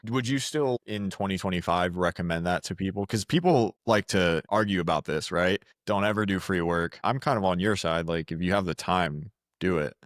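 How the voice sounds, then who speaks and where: A man's voice: low voice, moderate pace, few pauses, no echo, studio quality. A man hosting a podcast, talking casually and hyping up his guest. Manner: relaxed, hypes up his guest. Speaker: podcast host.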